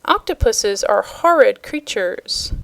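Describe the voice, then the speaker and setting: A woman's voice: fairly high pitch, expressive, slow pace, gravelly, fairly bright tone, no echo, full character voice. A woman reading a storybook, voicing a blunt, scornful little girl in a raised voice.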